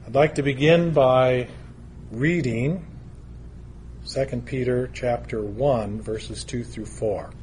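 Slow, deliberate male preacher. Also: medium pitch, a little mellow, a little hiss or hum. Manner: slow, deliberate, emphatic build-ups. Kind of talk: sermon.

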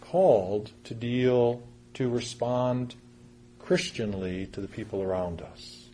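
A man's voice: mid-range voice, slow pace, warm tone. A man preaching a sermon, reading scripture aloud and explaining it in an earnest, conversational way. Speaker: pastor.

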